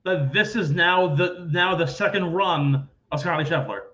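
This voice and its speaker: A man hosting a casual sports podcast, talking in an animated, rambling way and acting out quoted people loudly. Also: fairly high pitch, unhurried, muffled recording. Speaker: podcast host.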